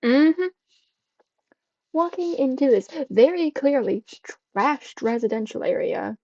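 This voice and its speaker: Female game master, mellow higher voice, steady descriptive narration, dull lo-fi audio. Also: slow pace, dry recording.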